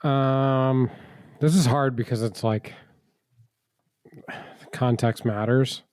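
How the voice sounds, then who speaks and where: Mellow, thoughtful man in casual chat. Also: mid-range voice, fairly even intonation, slow pace, clean tone, no echo, studio quality. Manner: thoughtful, hedging, many fillers. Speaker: podcast co-host, cook.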